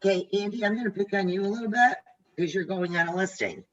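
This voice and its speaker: A woman's voice: medium pitch, quick pace, dull audio. An older woman teaching a class on a video call, chatty and direct, telling stories as she goes. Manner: chatty, tells stories, talks straight to trainees. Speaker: real estate instructor.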